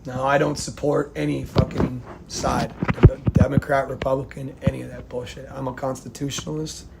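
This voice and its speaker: A man from the United States delivering an angry, profane rant to camera, swinging between loud outbursts and hushed, near-whispered lines. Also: mid-range voice, flat delivery, normal speed, creaky, very noisy. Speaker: vlogger.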